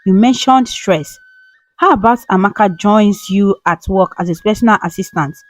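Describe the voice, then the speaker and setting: A woman's voice: mid-range voice, moderate pace, dry recording, lightly acted. A woman as a pushy matchmaking mother. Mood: insistent. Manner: insistent.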